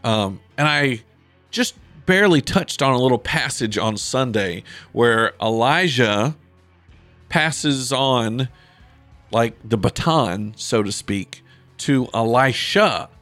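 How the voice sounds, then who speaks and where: A man's voice: medium pitch, lively intonation, takes it slowly, fairly bright tone, dry recording, soft background music. A man who is a pastor, teaching from the Bible in a casual, conversational podcast, reading scripture aloud between loose asides and fillers.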